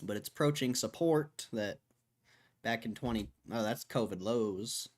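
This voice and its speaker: Slow-talking man on a casual stream. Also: lowish voice. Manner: loose, muttering to himself while reading charts. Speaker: stock market livestreamer. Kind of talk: casual livestream chat.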